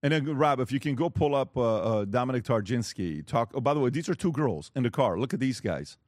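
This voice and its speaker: A man's voice: mid-range voice, lively intonation, fast, darkish tone, dry recording, clean studio sound. A man hosting a talk show, rambling through casual commentary, leaning on fillers and restarts and tossing out questions.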